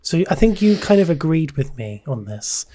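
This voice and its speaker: A woman hosting a relaxed podcast, her voice mellow and soft-edged. She talks in a hesitant, searching way, often restarting and trailing off with "I don't know.". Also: sits low, normal speed. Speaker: podcast host. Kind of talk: casual podcast chat.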